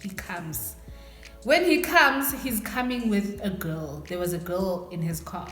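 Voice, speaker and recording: A young South African woman casually telling a story time to her viewers, animated and acting out what people said. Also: mid-range voice, measured pace. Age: young adult. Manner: animated, switches into Xhosa phrases, acts out quotes. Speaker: vlogger. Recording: echoey room with faint background music.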